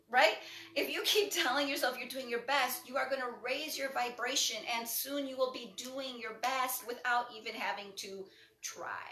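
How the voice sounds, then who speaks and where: Female breath coach, slightly high and bright, warm-hearted live class talk in a roomy space. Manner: encouraging, conversational, lots of "right?". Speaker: breathwork instructor. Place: indoor room, livestream.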